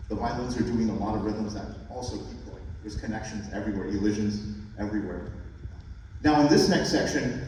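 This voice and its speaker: A man's voice: lowish voice, dark tone, a little hiss or hum. A man teaching a master class, coaching an ensemble in rehearsal and breaking rhythms down step by step. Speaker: music instructor leading a master class. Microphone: distant from the mic. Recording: echoey hall, far mic, music behind. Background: ensemble music.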